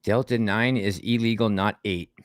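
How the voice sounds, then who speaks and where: A man's voice: on the low side, steady tone, moderate pace, no echo, clean studio sound. A man hosting a casual livestream, chatting with a co-host and reading viewer comments aloud in a rambling way. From Boston. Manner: chatty, rambling, laughs often.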